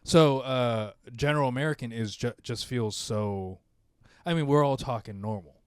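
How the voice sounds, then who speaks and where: A man's voice: medium pitch, normal speed, clear, resonant tone, dry recording, clean studio sound. A man co-hosting a comedy podcast, talking casually and rambling with fillers and restarts. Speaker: podcast co-host.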